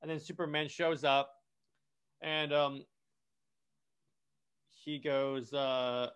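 Guy retelling a comic plot, kinda high voice, keeps restarting his sentences. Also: steady tone, slow, a bit bright, smooth. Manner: rambling, many restarts and false starts. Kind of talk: casual comic plot recap.

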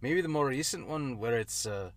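Man, podcast co-host, casual rambling chat, self-correcting, mid-pitched voice. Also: lively intonation, normal speed, no room sound.

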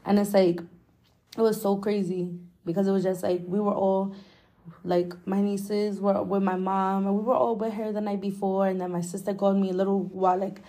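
A woman's voice: mid-range voice, level tone, moderate pace, warm tone. A young woman hosting a podcast, telling a personal story in a candid, emotional way, swearing often and filling her talk with "like". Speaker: podcast host.

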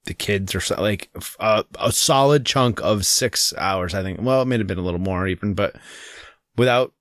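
A middle-aged man in casual chat, telling stories in an animated way and laughing often. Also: fairly low pitch, normal speed, dry recording, clean studio sound.

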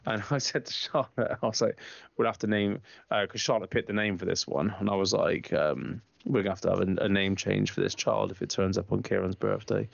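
A man's voice: on the low side, a little fast, vocal fry, no room sound. A man co-hosting a casual podcast, telling rambling, swearing stories and acting out other people's lines in a raised voice. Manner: rambling storyteller, animated, quoting others in raised voice. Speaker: podcast co-host. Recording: dull lo-fi, dry.

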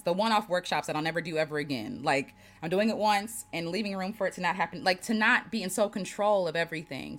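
Animated, affirming woman. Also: lowish voice. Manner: animated and affirming, repeats phrases, laughs often. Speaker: creative coach livestreaming to viewers. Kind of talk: casual livestream talk.

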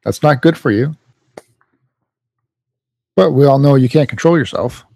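A man's voice: mid-range voice, unhurried, vocal fry, a little mellow, dry recording. A man who is a parent, co-hosting a casual podcast and teasing his partner in playful banter. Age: 30s to 40s, a parent. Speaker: podcast co-host. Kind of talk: casual chat.

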